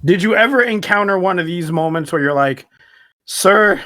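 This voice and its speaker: Male podcast guest, high voice, reactive swearing chatter, dry close mic. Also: animated, fairly quick, bright, forceful tone, no echo. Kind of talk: casual podcast chat.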